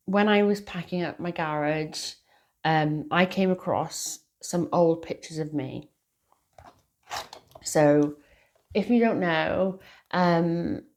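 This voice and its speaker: Middle-aged British woman, tarot reader, lower voice, earnest, unhurried and casual. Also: darkish tone. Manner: earnest and heartfelt, slow with many fillers. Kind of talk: casual spiritual message to viewers.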